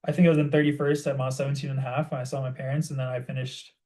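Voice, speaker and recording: Young man telling a story, mellow voice. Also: mid-range voice, rapid-fire. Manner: animated storytelling, heavy use of "like". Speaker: podcast co-host. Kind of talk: casual chat.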